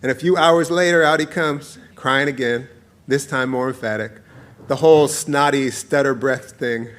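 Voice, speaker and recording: A man in his forties reading his own essay aloud to an audience, with playful, warm storytelling and frequent laughter. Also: mid-range voice, fairly even intonation, moderate pace. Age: 40s. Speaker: author.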